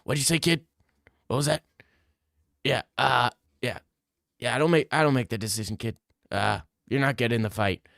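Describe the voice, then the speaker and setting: A man's voice: mid-range voice, normal speed, creaky, long pauses, a bit bright, no room sound, clean studio sound. A man doing an impression of a curt fight-promotion boss who dismissively calls the listener "kid".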